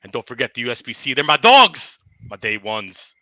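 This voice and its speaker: A man's voice: medium pitch, sing-song, moderate pace, sharp tone, no echo. A man playing a bragging, aggrieved bowling ball. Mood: boastful. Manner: boastful trash talk, repeats the host's name. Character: aggrieved urethane bowling ball, tough-talking male. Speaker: guest. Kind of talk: comedic podcast skit.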